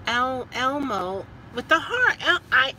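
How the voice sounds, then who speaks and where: Woman, casual vlogger in car, bright voice, slow and lively, stumbling, faint road noise. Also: high-pitched, poor audio. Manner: chatty, animated, stumbling over words. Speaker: vlogger and rideshare driver. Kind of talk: casual chat.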